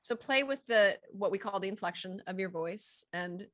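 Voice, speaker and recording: A woman with a Midwestern American accent talks through acting advice like a coach, animated and instructive. Her voice sits in the middle range. The recording is close and dry, with no room sound. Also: medium pitch, moderate pace, no echo. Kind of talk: casual panel chat.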